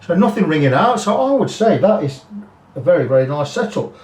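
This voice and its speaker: A man explains a guitar setup in a relaxed, chatty way, dropping blunt asides as he works. His voice sits a little high. He is heard from a distance in a roomy workshop, with faint music behind. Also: fairly quick. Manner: chatty, thinking aloud with frank asides. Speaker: guitar repair technician. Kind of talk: casual workshop demonstration.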